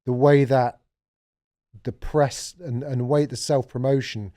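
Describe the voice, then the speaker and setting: A man's voice: mid-range voice, fairly even intonation, mellow. Man, podcast co-host, casual chat, sweary, restarts. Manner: chatty, sweary, quick restarts.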